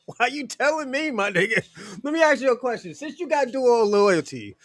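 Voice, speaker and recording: High-voiced casual, profane male streamer. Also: sing-song, normal speed, a bit bright, no room sound. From United States. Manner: loose and profane, fillers "you know", chuckles often. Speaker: streamer answering chat. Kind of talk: casual livestream chat.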